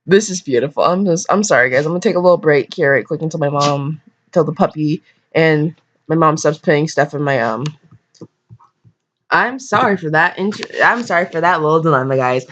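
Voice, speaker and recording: A woman's voice: deep voice, brisk, muffled recording. A woman casually reading fan fiction aloud at home on her computer mic, with chatty, self-deprecating, apologetic asides. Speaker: fanfiction reader.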